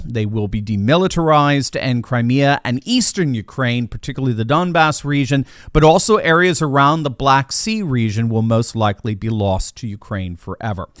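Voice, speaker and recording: A man's voice: medium pitch, a bit bright, no room sound, clean studio sound. A middle-aged man giving an impassioned, sarcastic political commentary monologue.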